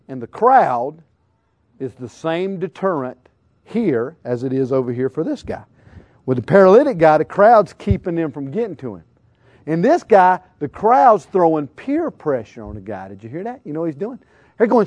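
A man preaching a lively youth sermon, slangy and full of questions to his listeners. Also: a little high, moderate pace, no echo. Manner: acts out crowd voices, slangy, calls out questions to listeners. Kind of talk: animated sermon.

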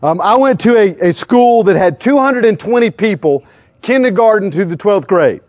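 A man, preaching to a live crowd in a humorous, excitable storytelling way with sudden loud outbursts. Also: sits high, normal speed.

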